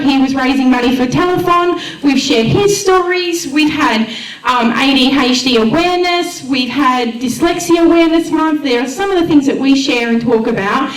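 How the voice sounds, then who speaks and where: High-voiced Australian woman in an echoey room. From Western Australia. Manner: heartfelt, enthusiastic, persuasive. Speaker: community radio volunteer presenter. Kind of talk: emotional public speech at a launch event. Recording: echoey room, voice far from the mic.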